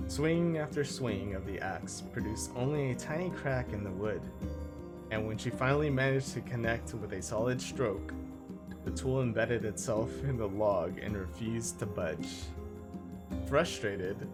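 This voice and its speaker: Man reading game story aloud over music. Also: medium pitch. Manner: reads aloud, stumbles and laughs at own slips. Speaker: streamer. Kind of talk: reading game text aloud during a playthrough.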